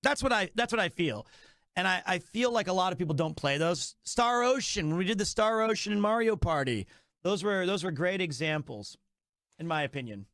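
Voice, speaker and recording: A man's voice: sits high, expressive, fairly quick, a bit bright, dry recording. A man chatting casually on a live stream, enthusiastic and rambling, often restarting his sentences.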